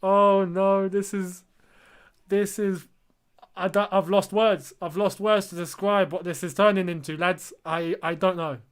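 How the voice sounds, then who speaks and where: In a high-pitched voice with fairly even intonation and a slightly slow pace, a young man hosts a live football watchalong. He reacts to the match in disbelief and exasperation, talking to his viewers directly as lads.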